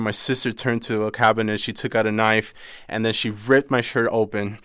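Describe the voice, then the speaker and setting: A man's voice: lowish voice, little pitch movement, normal speed, a bit bright, clean tone, no room sound, clean studio sound. A young man with a Dominican accent telling his own life story, earnest and intense. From Dominican Republic. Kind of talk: personal storytelling.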